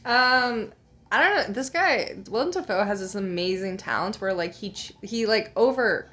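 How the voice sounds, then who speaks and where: A woman chats casually as she plays a game with a friend. She rambles and giggles, with plenty of filler words. Her voice sits at an ordinary, mid pitch. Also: lively intonation, moderate pace, bright, forceful tone. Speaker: co-host. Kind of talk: casual chat while gaming.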